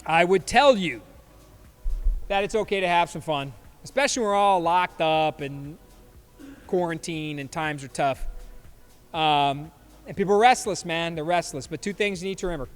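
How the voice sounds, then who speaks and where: A man's voice: fairly high pitch, moderate pace, pauses often, smooth, in a large hall, soft background music. A man in his fifties hosting a podcast, reacting to memes in a loose, joking way and laughing often. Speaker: podcast host. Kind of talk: casual chat reacting to memes.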